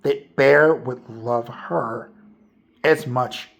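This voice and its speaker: A man talks through a movie review in a loose, rambling way, full of fillers and casual swearing. His voice carries a noticeable gravelly fry, while his pitch sits in an ordinary middle range. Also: extremely slow, fairly bright tone. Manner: rambling, profane, lots of fillers.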